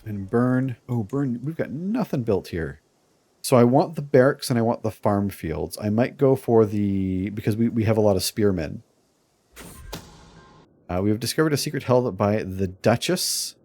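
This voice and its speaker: A man's voice: lowish voice, lively intonation, moderate pace, mellow. Chuckling man in game commentary. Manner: chuckling, playfully scheming. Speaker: streamer playing a strategy game. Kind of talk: let's play commentary.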